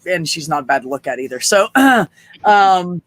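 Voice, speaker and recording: A man hosting a livestream in casual chat, frank and rambling, swearing freely and filling pauses with ums. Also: a little high, lively intonation, a bit bright, no room sound. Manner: frank, profane, rambling with fillers. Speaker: livestream host.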